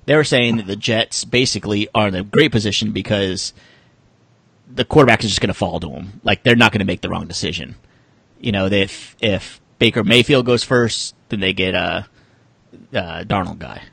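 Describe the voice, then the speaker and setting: A man's voice: on the low side, normal speed, vocal fry, a bit bright, slightly rough, no room sound. A man co-hosting a casual sports podcast, laughing often and telling crude jokes. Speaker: podcast co-host.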